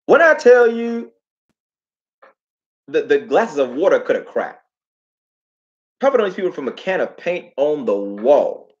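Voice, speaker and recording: A man hosting a casual livestream talk, telling stories with lots of repeated phrases and animated asides. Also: on the high side, a little slow, pauses often, muffled recording. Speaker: host.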